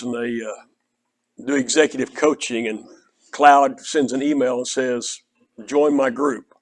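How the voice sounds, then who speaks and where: An older man with an Oklahoma Southern accent, preaching an earnest, conversational sermon that is built around a personal story. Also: mid-range voice. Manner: earnest, conversational, quotes others in dialogue.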